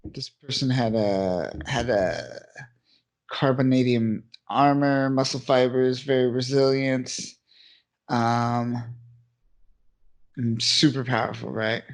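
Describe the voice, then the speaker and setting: A man's voice: medium pitch, fairly even intonation, slow, long pauses. A man co-hosting a podcast, recapping a comic in a rambling way with lots of fillers. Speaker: podcast co-host. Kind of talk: casual comic book chat.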